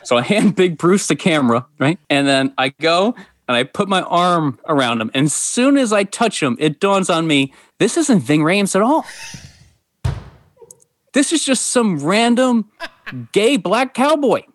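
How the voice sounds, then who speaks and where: A man's voice: sits high, a little slow. A man in his forties telling a long funny story as a podcast guest, laughing often and stumbling over his words. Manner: lively, laughs often, repeats and restarts. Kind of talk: animated storytelling.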